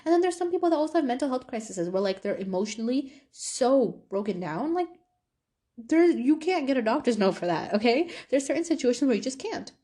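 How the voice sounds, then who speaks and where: A woman's voice: high-pitched, a little fast. A young woman hosts her own podcast and talks straight through a personal story. Her delivery is casual and chatty, and she keeps slipping into quoted dialogue to act out what other people said, with plenty of fillers along the way. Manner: chatty, animated retelling with quoted voices and fillers. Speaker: podcast host.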